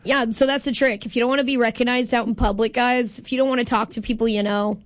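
Casual morning chat from a sleepy woman radio co-host in a studio, high voice, dry close sound, jokey and self-mocking with lots of laughing. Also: fairly even intonation, fast talker, no echo. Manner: chatty, joking, self-mocking, laughs often.

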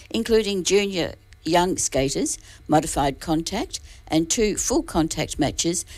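A woman's voice: sits low, darkish tone, no room sound. A woman reading local newspaper articles aloud on radio, restarting words and adding dry asides.

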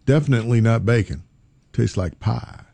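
Man, lively storyteller, husky, dry close sound. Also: mid-range voice, normal speed, dry recording. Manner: animated, breaks into laughter, drawling Southern vernacular. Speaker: storyteller in a two-person chat. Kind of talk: casual comic storytelling.

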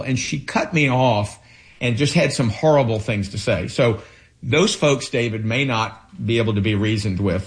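Male political candidate, lowish voice; earnest, halting delivery full of fillers. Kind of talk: interview answers.

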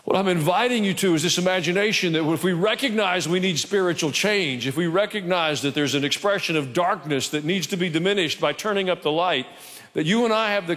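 A man's voice: high-pitched, fairly bright tone. A male pastor preaching a sermon in church, conversational with humorous asides. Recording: reverberant church hall.

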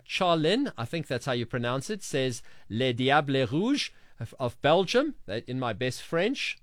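A man's voice: mid-range voice, a bit bright, dry recording, studio quality. A man hosting a radio sports show, reading listener messages and quiz answers aloud in a chatty way. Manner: chatty, reads names and quiz answers briskly.

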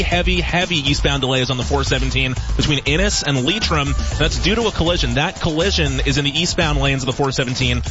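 A man reading the weather and traffic report on the radio in a brisk, steady delivery. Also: a little high. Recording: dull lo-fi radio broadcast.

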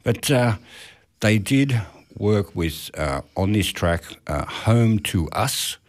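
Low-voiced man, joking host. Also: expressive, slow. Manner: laid-back, jokey, drops in "mate" and "no worries". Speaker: radio show host. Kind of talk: casual chat.

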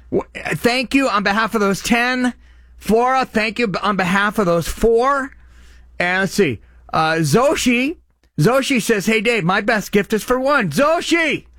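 A middle-aged man hosting a live radio charity appeal, eagerly thanking callers by name and stumbling over his words when excited. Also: high-pitched, no room sound, clean studio sound. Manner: excitable, names donors with loud bursts of enthusiasm; stutters and restarts when excited. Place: radio studio.

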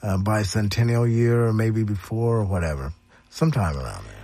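A man's voice: lowish voice, animated, fairly quick, warm tone, no echo. Rambling older Ohio man, dry studio. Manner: rambling storyteller, many fillers, acts out voices. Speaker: guest musician. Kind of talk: casual radio interview chat. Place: radio studio.

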